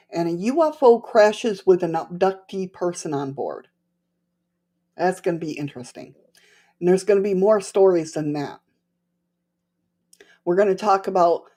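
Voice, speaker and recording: A woman's voice: lowish voice, mellow. Chatty woman with a slight lisp. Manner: rambling and chatty, laughs often, talks to chat viewers. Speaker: livestream host. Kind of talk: casual livestream chat.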